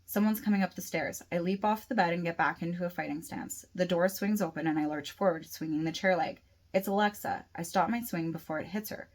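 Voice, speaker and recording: Woman narrator, author reading her novel, low-set voice, steady first-person audiobook read. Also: fairly quick. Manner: steady reading with occasional restarts.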